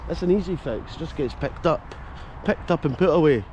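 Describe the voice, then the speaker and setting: A man's voice: on the high side, animated, normal speed, a little mellow. Scottish man, walking vlog, chatty, jokey asides, outdoors, camera mic, faint traffic noise. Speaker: vlogger and host. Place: outdoors, walking through village streets. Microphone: handheld camera mic.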